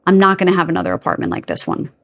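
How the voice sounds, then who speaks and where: A woman talks through a tarot reading in a loose, chatty way. Her voice sits a little low. She rambles, trails into playful filler sounds and keeps checking in with her listeners. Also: sing-song, very fast. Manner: chatty, peppers talk with "okay?" and "right?". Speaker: tarot card reader. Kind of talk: casual pick-a-card tarot reading.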